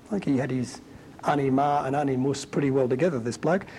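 A man giving a conversational Bible teaching as a preacher, talking in an animated, colloquial and emphatic way. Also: mid-range voice, fast, slight background noise, rough recording.

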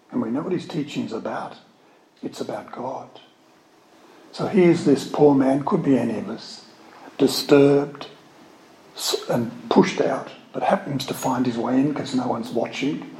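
A man's voice: medium pitch, darkish tone. A man preaching a sermon in a conversational way, with wry asides and emphatic readings of scripture. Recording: echoey room, faint ambient noise.

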